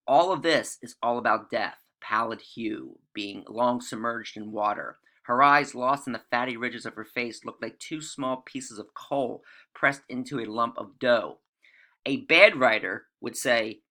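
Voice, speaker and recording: A man's voice: medium pitch, sharp tone. A middle-aged man teaching literature, talking casually and reading passages aloud, often checking in with his listeners. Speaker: English teacher. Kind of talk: literature lecture.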